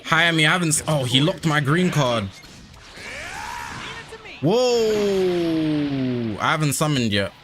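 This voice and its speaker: A lively young man talks through a game on stream in an excitable, slangy way. His fairly high voice swings widely in pitch, with game music clearly playing behind him. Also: slow, pauses often. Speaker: gaming streamer. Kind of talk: live game commentary.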